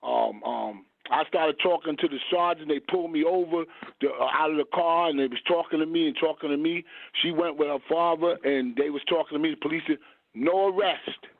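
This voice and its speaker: A man's voice: on the high side, brisk, creaky, no room sound. A man hosting a radio talk show, telling a long personal story in a rambling way and stopping to search for words. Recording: dry phone-like radio audio.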